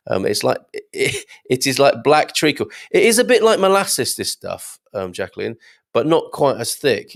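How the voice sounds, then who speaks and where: Chatty gravelly-voiced male host. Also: mid-range voice. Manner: chatty and rambling, with many fillers and restarts. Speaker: host reading viewer comments. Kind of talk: casual live-stream chat.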